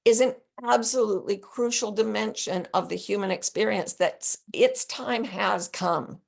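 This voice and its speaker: A woman life coach and author as an interview guest, telling stories with lively acted-out quotes. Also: medium pitch, unhurried, vocal fry. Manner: animated storyteller who acts out quotes. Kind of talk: conversational interview.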